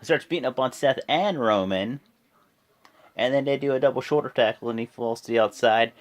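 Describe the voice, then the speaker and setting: A man's voice: mid-range voice, fairly quick. A man giving a casual, rambling play-by-play recap. He corrects himself often and acts out the quotes. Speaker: wrestling show reviewer.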